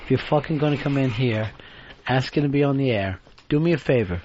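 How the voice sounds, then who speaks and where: This time the host's voice sits mid-range, a little mellow, and moves fairly quickly, with some hiss or hum underneath. Still in the studio, he trades profane banter, blustering, cursing and making mock threats. It comes from a dull-sounding archival satellite radio broadcast.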